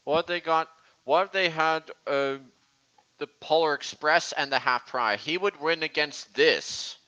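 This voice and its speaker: A young man hosting a casual livestream, rambling and halting, with many fillers. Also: fairly high pitch, sharp tone, low-quality recording. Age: young adult. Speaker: livestream host. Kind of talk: casual chat.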